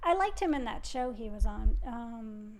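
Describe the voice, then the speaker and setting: Chatty high-voiced woman co-host. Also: animated, a little slow. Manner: chatty, storytelling, teasing. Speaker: co-host of a fish-keeping live stream. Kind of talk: casual chat.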